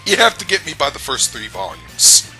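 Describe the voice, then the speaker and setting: Animated, bright-voiced man ranting. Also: medium pitch, normal speed, faint music behind, low-quality recording. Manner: rambling, blunt and profane, with frequent restarts. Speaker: anime reviewer. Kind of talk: casual review rant.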